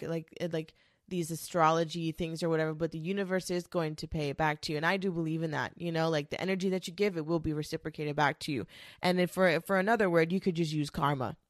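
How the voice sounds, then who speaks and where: Twenty-something woman ranting on her podcast, kinda low voice, swears a lot, super dry close sound. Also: no room sound. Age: 20s. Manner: rambling, profane, sassy, with many fillers. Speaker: podcast host. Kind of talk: casual solo podcast monologue.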